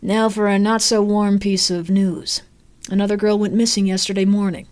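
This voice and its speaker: A woman voicing a calm female news anchor in a slow, measured delivery while reading game text aloud. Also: medium pitch, lightly acted.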